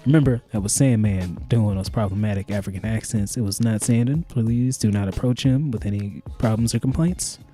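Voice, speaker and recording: A man's voice: lowish voice, fairly quick, few pauses, faint music behind. A man co-hosting a podcast in casual chat, joking and swearing freely. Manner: joking, profane, animated. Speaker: podcast co-host.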